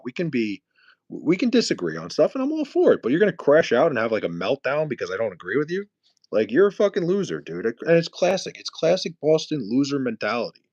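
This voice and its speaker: A man's voice: medium pitch, darkish tone, no room sound, highs cut off. A young man from New City, streaming live and trash-talking viewers in profane, mocking chat. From New York City.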